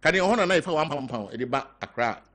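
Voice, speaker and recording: An older man with a Ghanaian accent, talking as a guest on a talk show, halting and mixing in local words. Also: a little high, lively intonation. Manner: halting, mixing in local words, growing loud when telling a story. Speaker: guest party member. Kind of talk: casual talk show interview.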